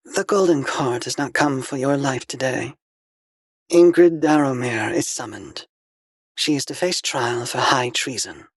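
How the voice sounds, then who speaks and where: Man doing serene alien emissary woman, fanatical, solemn pronouncements, higher husky voice, dry sound. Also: measured pace, no room sound. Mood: serene menace.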